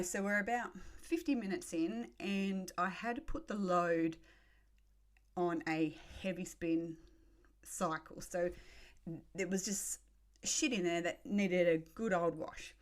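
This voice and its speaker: Sweary woman telling a story. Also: fairly low pitch. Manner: frank and sweary, laughing through the story. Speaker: podcast host. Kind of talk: casual storytelling.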